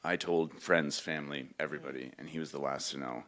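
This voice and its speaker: A young man from Newfoundland, co-hosting a podcast, tells a personal story in casual, emotional chat and sometimes jumps high to mimic his mother. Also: fairly even intonation, fast, fairly bright tone. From Newfoundland, Canada. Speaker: podcast co-host.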